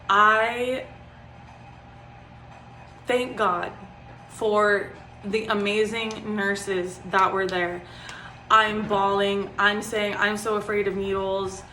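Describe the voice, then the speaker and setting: A young woman in her twenties chats through a personal story, her voice bright and clear. She talks casually, leaning on "like" and "um" as she goes. The room gives her voice a noticeable echo, with a faint hiss behind it. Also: medium pitch. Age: 20s. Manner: chatty, frequent "like" and "um" fillers. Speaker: vlogger. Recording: roomy echo.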